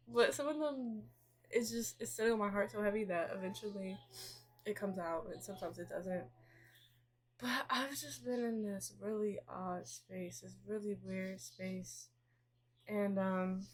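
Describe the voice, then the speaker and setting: A young woman at home venting to her camera in a casual, confessional way, soft and halting, a little emotional, with many pauses while she does her nails. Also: medium pitch. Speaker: vlogger. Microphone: camera set up nearby.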